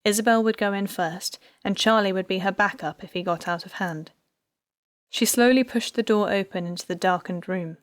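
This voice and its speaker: A woman narrating an audiobook at a mid pitch, with an even, measured storytelling delivery. The recording is close and dry, with no room sound. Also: dry recording. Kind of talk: scripted narration.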